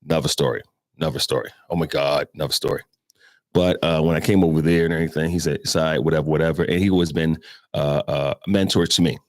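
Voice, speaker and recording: A man's voice: very deep voice, fairly even intonation, quick pace, dry recording, studio quality. A middle-aged man from Brooklyn with a New York accent, rambling through profane personal stories as a morning show host, with asides to his listeners. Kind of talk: casual storytelling chat.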